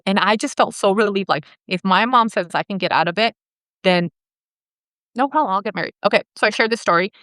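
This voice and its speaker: A woman, a therapist and guest, telling a personal story in a lively conversational way and acting out quoted dialogue. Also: mid-range voice, dry recording, clean studio sound. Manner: animated, acts out quoted dialogue in her own voice.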